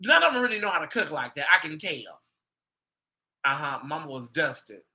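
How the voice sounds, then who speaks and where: A high-pitched man with a very bright, sharp voice hosts his own show. He gossips and chats casually with his viewers, full of animated asides. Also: moderate pace. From United States. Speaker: host.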